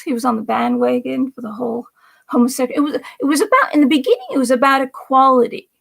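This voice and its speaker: A woman's voice: high voice, fast talker, creaky. A woman hosting a livestream, giving rambling political commentary in an indignant, sarcastic way, with repeated asides and some words dropped to a whisper. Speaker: livestream host.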